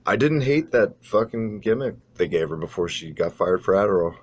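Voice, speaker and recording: A man's voice: on the low side, animated, fairly quick, muffled recording. A man hosting a casual wrestling podcast, talking in a profane, sarcastic, rambling way. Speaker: podcast host.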